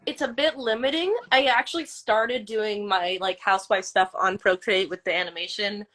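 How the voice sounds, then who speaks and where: A woman who is a guest voice actress, chatting in an upbeat, animated way with plenty of fillers. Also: mid-range voice, moderate pace. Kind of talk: casual chat.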